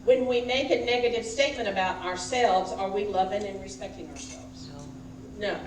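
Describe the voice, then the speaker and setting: Speaking at normal speed in a mid-range voice, a woman minister gives a conversational sermon and asks the congregation questions directly. The recording comes from a distance in an echoey church sanctuary.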